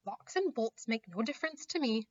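A woman voicing a huge, solemn Father Christmas in a storybook reading, speaking slowly and low. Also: expressive, no room sound, muffled recording. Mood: kindly. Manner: slow, low and grave.

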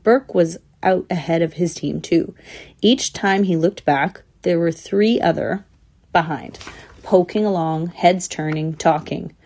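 A woman's voice: fairly low pitch, measured pace. A woman narrating a storybook, giving each character its own voice. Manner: lively, voicing each squirrel.

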